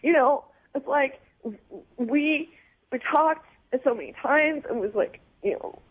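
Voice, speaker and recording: Woman, high voice, crying, halting, embarrassed, phone-line sound. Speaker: caller. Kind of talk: tearful phone call on radio.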